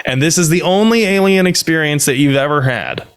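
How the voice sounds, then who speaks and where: A man's voice: a little high, a little fast, smooth. A man co-hosting a podcast who explains the lore in a thoughtful, modest way. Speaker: podcast co-host, lore expert. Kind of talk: casual podcast chat.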